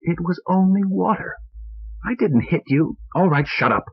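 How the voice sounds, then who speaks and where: A man voicing a furious, exhausted wife at her breaking point, shrill and screaming in rage, on a muffled old cassette recording. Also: lively intonation, normal speed, husky, heavily acted. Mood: bitter.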